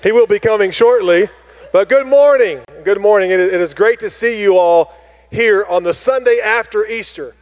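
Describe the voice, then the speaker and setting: Upbeat pastor with a raised voice, in a reverberant church. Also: male voice, high voice, normal speed. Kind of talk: church announcements and introduction. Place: church sanctuary. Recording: long hall reverb in a church.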